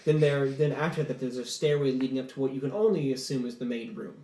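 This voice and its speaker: A man's voice: medium pitch, quick pace, mellow. A man narrating as game master, describing scenes with hesitant fillers. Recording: roomy echo.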